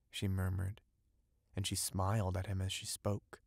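A man narrating an audiobook of a fairy tale in a measured storytelling manner. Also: deep voice, steady tone, a little mellow, no echo, clean studio sound.

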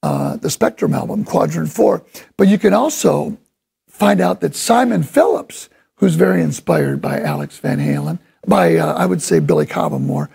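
A man talks through a drum lesson in a loose, rambling way, full of enthusiasm. His fairly high voice is heavily gravelly and deeply husky, as if worn rough. He sometimes sounds out drum patterns with his mouth. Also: big pitch swings, normal speed, a little mellow. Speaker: drum instructor. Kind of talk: casual spoken drum lesson.

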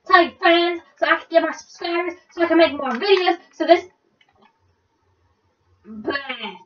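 A woman's voice: very high-pitched, expressive, unhurried, slight background noise. A woman giving casual, rambling gameplay commentary, easily startled and muttering to herself. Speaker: gameplay vlogger. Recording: roomy, distant, dull lo-fi recording.

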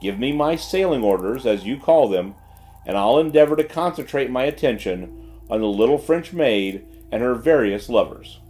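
A man voicing a composed female detective who speaks in calm, level tones. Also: mid-range voice, moderate pace, faint music behind, natural voice. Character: calm, level-toned young woman detective.

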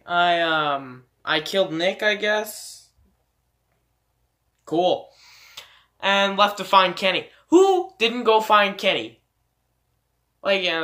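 A man's voice: high-pitched, sharp tone. A man giving casual game commentary, rambling and swearing with many fillers. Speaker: let's play gamer.

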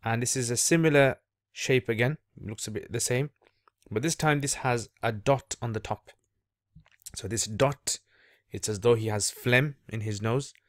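This man, an Arabic reading teacher, has a mid-range voice and talks at a normal speed. He narrates a patient, slow step-by-step lesson on letter sounds, saying each sound again so the listener can copy it. The studio sound is clean, with no echo.

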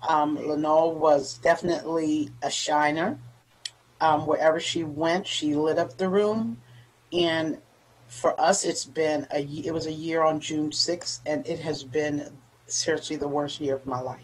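A woman's voice: deep voice, steady tone, a little slow, a little hiss or hum, low-quality recording. A woman, a grieving aunt, giving composed, sincere public thanks. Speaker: grieving family member. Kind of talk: public remarks.

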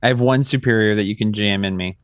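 A man playing a tabletop game, describing his character's moves in a hesitant, halting way with repeated words. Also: fairly low pitch, clear, resonant tone, dry recording. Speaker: player. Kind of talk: tabletop role-play.

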